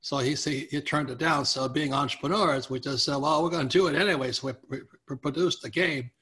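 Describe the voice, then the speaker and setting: A man's voice, a touch higher than most and strikingly bright, spins a long anecdote for an interviewer. He acts out the people he quotes and keeps the story moving with a lively, energetic delivery. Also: brisk. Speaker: guest author.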